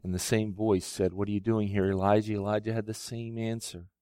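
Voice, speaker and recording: A pastor preaching a sermon, moving from quiet, low retelling to loud, soaring exhortation. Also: male voice, flat delivery, fairly quick, clear, resonant tone, no room sound, clean studio sound. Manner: swings from soft, low storytelling to loud, high-pitched preaching.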